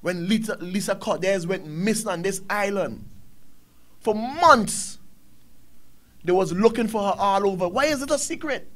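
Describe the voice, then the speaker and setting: A man's voice: high voice, a little slow, fairly bright tone. A middle-aged man, hosting a talk show and ranting angrily, firing off one rhetorical question after another. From Caribbean. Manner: angry, preaching, rhetorical questions. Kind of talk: impassioned commentary.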